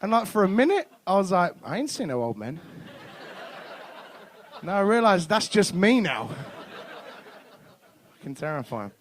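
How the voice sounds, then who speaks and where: A man's voice: sits high, big pitch swings, moderate pace, long pauses, slight background noise. A man, doing a stand-up comedy set in a club, swearing and acting out bits of dialogue. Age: 30s. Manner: swearing, acts out dialogue with shifts of voice.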